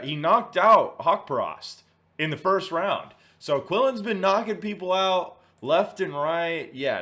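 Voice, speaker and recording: A man's voice: on the high side, fairly bright tone. A man hosting casual commentary, swearing freely and thinking aloud as he goes through results and picks. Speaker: host.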